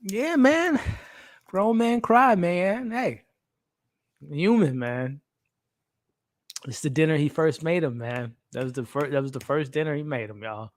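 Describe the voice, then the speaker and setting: A man's voice: on the high side, big pitch swings, unhurried, pauses often, no echo, clean studio sound. A young adult man hosting a live watch-along stream, chatting casually and emotionally with his viewers in slangy speech. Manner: emotional, talks to chat and his dog, slangy.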